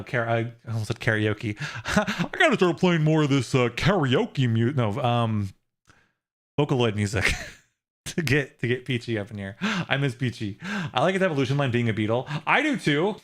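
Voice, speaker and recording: A man's voice: mid-range voice, lively intonation, normal speed, fairly bright tone. A man streaming live, chatting casually with his viewers, rambling and laughing often, with many restarts.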